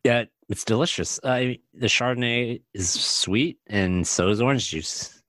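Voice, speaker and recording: A man's voice: medium pitch, unhurried, fairly bright tone, no room sound, studio quality. A man co-hosting a casual podcast, joking around with hesitant restarts. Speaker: podcast co-host. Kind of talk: casual chat.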